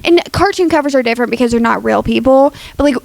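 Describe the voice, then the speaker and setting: A woman's voice: a little high, quick pace, vocal fry, dry recording. A young woman casually vlogging her opinions, chatty and dramatic with lots of filler words. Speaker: book YouTuber.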